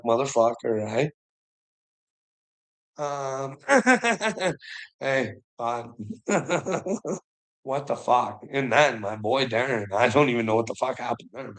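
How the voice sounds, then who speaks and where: A man's voice: fairly high pitch, fairly bright tone. A man talking straight to camera in a rambling monologue, swearing constantly, agitated and often breaking into laughter. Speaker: vlogger.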